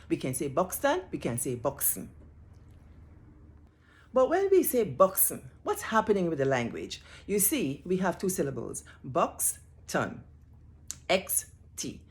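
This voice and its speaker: A woman's voice: sits low, a little mellow. A Guyanese woman hosting a storytelling history lesson, emphatic and fond of teasing rhetorical questions. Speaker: host.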